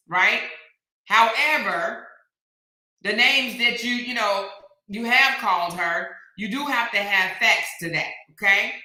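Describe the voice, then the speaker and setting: A woman's voice: a little high, bright, forceful tone. An American woman hosting a casual commentary vlog, sassy and emphatic, speaking straight to the people she talks about. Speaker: commentary vlogger host. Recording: echoey room.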